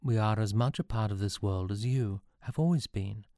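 A man voicing a gentle, ageless young woman who travels through time, speaking softly and earnestly. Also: lowish voice, moderate pace, dry recording, clean studio sound, natural voice.

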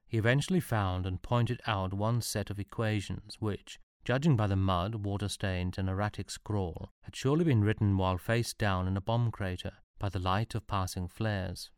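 A man narrating a story aloud, expressive and voicing each character. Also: fairly low pitch, normal speed, clean tone, dry recording, clean studio sound. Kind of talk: storybook reading.

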